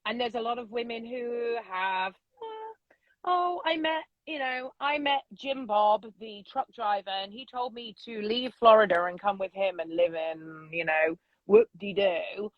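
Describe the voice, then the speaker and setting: Loud, unapologetic woman. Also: a little high, animated, a little slow, no echo, dull audio. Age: middle-aged. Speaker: podcast guest. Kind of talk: casual interview chat. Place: vintage bus.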